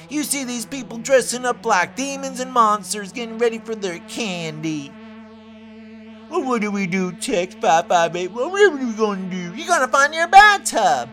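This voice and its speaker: A woman hosting her own show, delivering a rambling, excitable comedic rant and repeating herself. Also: on the high side. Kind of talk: comedic ranting monologue.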